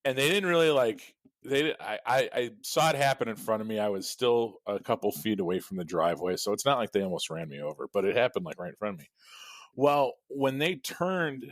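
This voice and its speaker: A man's voice: medium pitch, animated, brisk, no echo. A man co-hosting a podcast, telling a rambling, profane story in casual chat with frequent laughs. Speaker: podcast co-host.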